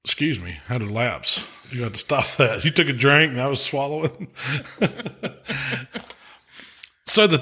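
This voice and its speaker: Man, relaxed drawl, casual podcast chat, frequent chuckles. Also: mid-range voice, measured pace, pauses often. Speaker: podcast host, pitmaster.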